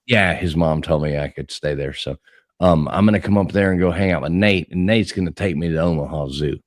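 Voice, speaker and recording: A man's voice: low voice, a little fast, dry recording, clean studio sound. A man hosting a casual live chat, playful and teasing his guests. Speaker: host.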